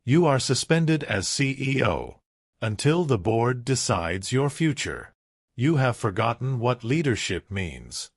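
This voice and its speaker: Man doing firm company boss, commanding, measured, slow, dry, lively pitch. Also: husky, no room sound, full character voice. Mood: cold, firm.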